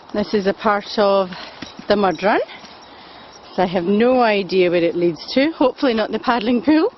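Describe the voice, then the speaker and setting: A woman filming on her phone while walking a pack of dogs outdoors, chatting and calling to the dogs in a high sing-song voice. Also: muffled recording, slight background noise. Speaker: dog daycare walker filming a walk. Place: outdoors in woods and fields by a loch. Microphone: phone camera held while walking.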